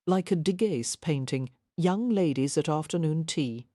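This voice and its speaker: A teasing Victorian earl with a dry, unhurried drawl, read by a woman. The voice sits low and mellow, and the recording is close and dry. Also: expressive, no room sound. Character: charming teasing male Victorian earl, adult.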